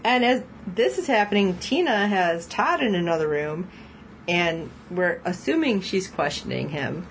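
A woman's voice: lowish voice, sing-song, unhurried, slight background noise, rough recording. A woman co-hosting a casual podcast, recapping a TV episode in a chatty way and laughing often as she quotes the characters. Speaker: podcast co-host.

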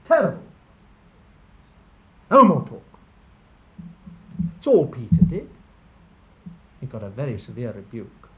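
A man's voice: medium pitch, wildly swooping pitch, a little slow, long pauses. A man preaching a sermon, earnest and emphatic, his voice rising on exclamations. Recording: tinny lo-fi sermon recording.

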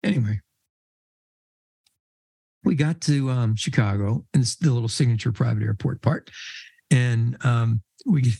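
A man's voice: mid-range voice, unhurried, vocal fry, long pauses, dark tone, husky, no echo. An older man, a podcast guest, telling casual rambling anecdotes and laughing mid-sentence. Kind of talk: casual storytelling.

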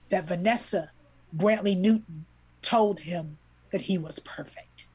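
A woman's voice: on the low side, measured pace, a little mellow, husky. A woman, a children's book author and illustrator, telling a heartfelt story as a podcast guest, earnest and emotional, repeating words when moved.

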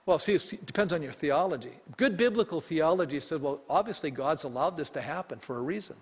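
A man's voice: fairly high pitch, animated, fast talker, slightly rough. Emphatic male pastor in a reverberant church. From Canada. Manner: emphatic preaching with rhetorical questions to the congregation. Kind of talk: sermon. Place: church sanctuary. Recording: long reverb of a church hall.

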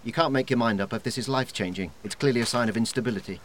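A man's voice: medium pitch, rapid-fire, a little hiss or hum, natural voice. A man playing a blunt, impatient colleague in a comedy sketch, curt and matter-of-fact.

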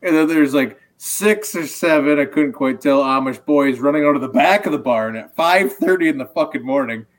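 A man's voice: on the high side, moderate pace, few pauses. Laid-back, swearing male podcaster. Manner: laid-back, profane storyteller. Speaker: podcast co-host. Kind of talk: casual storytelling chat.

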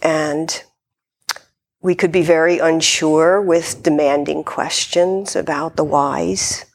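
A woman Zen teacher giving a dharma talk in a reflective, gently hesitant way. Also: sits low, fairly even intonation, slow pace, gravelly.

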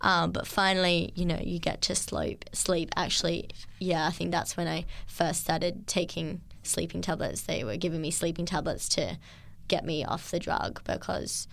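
Earnest, halting woman. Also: lowish voice, vocal fry, a bit bright. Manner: halting, earnest, many fillers and restarts. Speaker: interviewee. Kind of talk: testimony interview.

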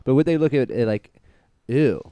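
A man's voice: medium pitch, lively intonation, moderate pace, mellow, no echo. A young man co-hosting a casual podcast, telling rambling stories and answering earnestly, with easy laughter. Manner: rambling storyteller, earnest, reassuring, laughs easily. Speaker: podcast co-host. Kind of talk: casual chat.

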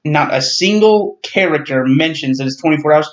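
A man's voice: a little high, normal speed. A man co-hosting a casual film podcast, arguing and pressing his points. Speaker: podcast co-host. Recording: dull lo-fi sound.

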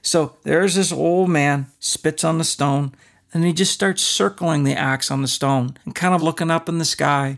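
A man co-hosting a faith talk show, teaching in an animated, preacher-like way and acting out stories. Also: on the high side, normal speed, gravelly. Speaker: podcast co-host. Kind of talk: conversational faith teaching with storytelling.

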